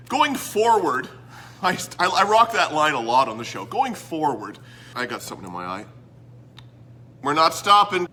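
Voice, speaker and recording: A Canadian man hosting a rambling comedy show from a room, theatrical and self-mocking, swinging between loud bits and mumbled asides. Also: on the high side, sing-song, measured pace, pauses often. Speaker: host. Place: indoor room.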